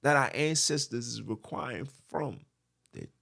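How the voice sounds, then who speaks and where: This podcast host, a man with a gravelly, slightly rough mid-range voice and a fairly bright tone, speaks at a moderate pace. His monologue is preachy and quotes scripture, emphatic and repetitive, with frequent "right?" checks.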